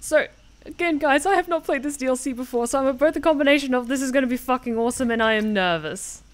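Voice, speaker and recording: A woman's voice: high voice, quick pace. A woman streamer giving casual, swear-filled gaming commentary from her desk. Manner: chatty, swears freely, reacts aloud. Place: home desk with keyboard.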